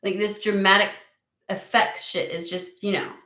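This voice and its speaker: A woman's voice: medium pitch, little pitch movement, normal speed, bright, forceful tone, reverberant. A woman giving a casual tarot reading, talking bluntly and swearing a lot in an exasperated rant. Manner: blunt, profane, exasperated ranting. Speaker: tarot reader.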